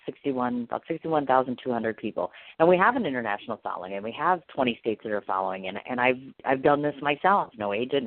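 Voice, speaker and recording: A woman's voice: very deep voice, dry recording. A woman radio host talking in a casual interview chat, rambling and self-deprecating with lots of restarts. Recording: tinny phone line, dry.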